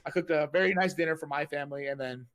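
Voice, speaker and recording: A man hosts a casual podcast chat and talks in long, rambling stretches. His voice sits a little higher than most men's, and he leans on fillers as he tells stories. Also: fast, fairly bright tone. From United States. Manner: rambling, lots of "like" and "you know". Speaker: podcast host and streamer.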